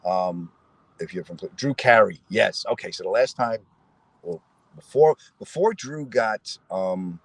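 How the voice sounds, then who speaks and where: A man's voice: on the low side, measured pace, dry recording, poor audio. A middle-aged man, a comedian, chatting casually with viewers outdoors in a city square and telling stories with asides to his audience. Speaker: comedian host.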